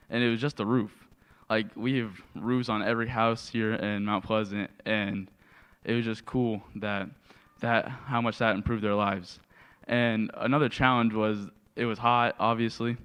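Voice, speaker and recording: A man's voice: fairly low pitch, fairly bright tone, clear, resonant tone. A teenage boy giving a plain, slightly hesitant testimony about a mission trip. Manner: plain, hesitant, with filler words. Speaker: youth mission trip member. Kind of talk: church testimony.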